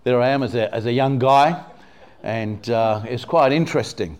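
A man's voice: mid-range voice, moderate pace, a little mellow. A man from England preaching a sermon to a congregation in a church, talking casually with lots of "you know" and questions to the people in front of him. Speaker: pastor.

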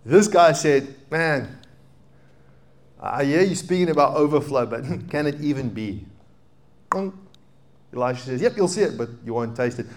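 Animated preaching man in his thirties. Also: mid-range voice, a little slow, long pauses. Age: 30s. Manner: animated preaching, swings from loud emphatic peaks to quiet asides. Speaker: pastor. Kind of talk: sermon.

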